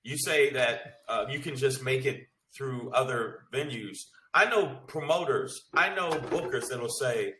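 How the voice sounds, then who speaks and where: A man's voice: mid-range voice, measured pace, hardly any pauses, sharp tone. A man, a comedian ranting profanely on a podcast. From Brooklyn, New York. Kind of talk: heated casual chat. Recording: echoey room, mic at a distance, faint noise.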